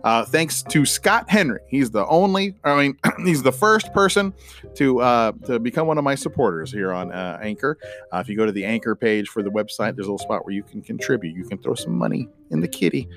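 A middle-aged man hosts a podcast and closes the episode in a loose, rambling way, full of fillers and little playful rhymes. His voice sits at an ordinary middle pitch. Faint music plays quietly behind him. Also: lively intonation, brisk. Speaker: podcast host. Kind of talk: casual podcast outro.

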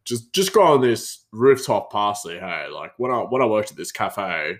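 A man voicing a laid-back male chef who ends every sentence with "hey", in a low voice. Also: very animated, moderate pace. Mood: chatty.

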